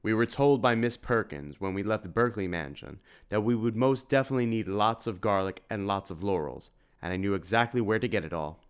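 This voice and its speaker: A man's voice: fairly low pitch, brisk, few pauses, smooth, close to an everyday voice. A man voicing a noble male vampire hunter hero who speaks in a formal, old-fashioned way, in a storybook reading. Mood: courtly.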